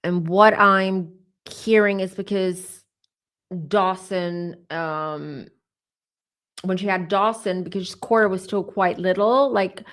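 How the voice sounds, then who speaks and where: A woman giving a psychic reading, talking straight to her viewers in a loose, conversational way. She keeps pausing to say she feels emotional, then goes back to what she is receiving. Her speech is full of fillers and side remarks. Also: mid-range voice, fairly bright tone. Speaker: tarot reader.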